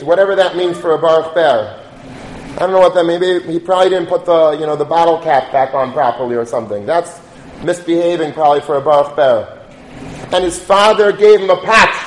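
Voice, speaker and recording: A man giving an earnest Torah talk, telling a story and sprinkling in Yiddish and Hebrew words. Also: sits high. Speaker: rabbi. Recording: echoey room with faint noise.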